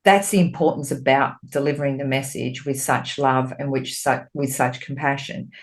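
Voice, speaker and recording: With a rumbling low voice at normal speed, a woman who is a spiritual medium and podcast co-host chats casually and candidly. Her delivery is expressive and full of swearing, and she gets animated recounting her talks with spirit.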